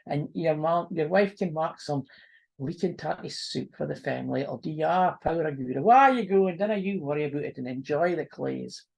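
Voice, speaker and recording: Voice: medium pitch, animated, a little fast, gravelly, darkish tone, slightly rough. A storyteller with a North-east Scots accent voicing a jolly, kindly old village minister who speaks heartily. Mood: jovial. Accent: North-east Scots (Doric).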